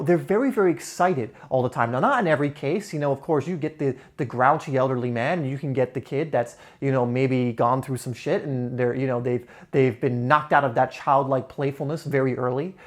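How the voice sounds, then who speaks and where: Man, motivational talk to camera, enthusiastic, casual, conversational, medium pitch. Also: brisk, few pauses. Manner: enthusiastic, conversational, many "you know" fillers. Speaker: spiritual self-help creator.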